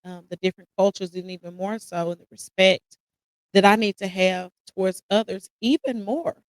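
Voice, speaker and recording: A woman's voice: medium pitch, normal speed, no room sound, poor audio. An American woman hosting a podcast, speaking casually and emotionally while holding back tears as she reflects on a personal story. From United States. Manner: casual, addresses listeners as y'all. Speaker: podcast host.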